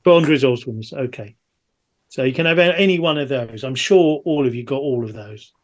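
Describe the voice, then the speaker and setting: A man acting as quiz master on a video call, reading out answers briskly with jokey asides. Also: medium pitch.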